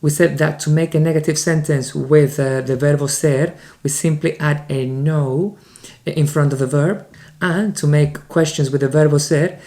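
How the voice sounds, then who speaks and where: A Spanish man with a warm voice pitched on the high side teaches an upbeat beginners' language class in his Spanish accent. He slows down whenever he reaches the example sentences.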